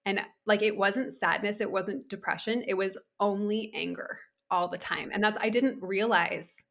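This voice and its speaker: A woman's voice: medium pitch, moderate pace, gravelly, a bit bright. A woman in her thirties co-hosting a podcast, talking candidly and conversationally with lots of filler words. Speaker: podcast co-host. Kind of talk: casual chat.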